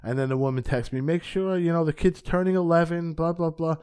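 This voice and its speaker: A man, a stand-up comedian guest on a podcast, telling an anecdote in an animated way, acting out dialogue and swearing casually. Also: a little high, brisk, clear, resonant tone.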